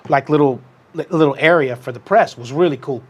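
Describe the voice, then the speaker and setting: A man's voice: on the high side, brisk, husky, dull audio. A man hosting a combat sports podcast, chatting casually and telling rambling stories full of "dude" and restarts. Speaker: podcast host. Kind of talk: casual fight talk and storytelling.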